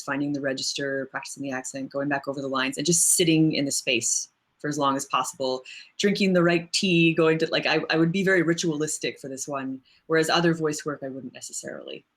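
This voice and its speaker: A woman voice actor answering interview questions in a relaxed, thoughtful way, with many fillers and frequent laughs. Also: deep voice, brisk. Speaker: voice actress guest. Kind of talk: casual interview chat.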